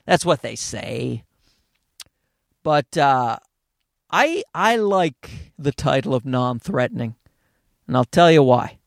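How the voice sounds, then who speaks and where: A man's voice: medium pitch, expressive, slow pace, vocal fry, pauses often, no room sound, clean studio sound. A man hosting a podcast, rambling through a profane, comedic monologue full of tangents. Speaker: podcast host.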